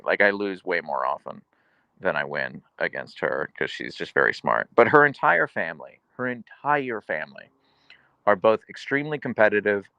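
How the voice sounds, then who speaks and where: A man's voice: low-pitched, bright, forceful tone, smooth, no echo, dull audio. A man hosting a casual live stream, chatting easily as he answers viewers' questions. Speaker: livestream host reading chat.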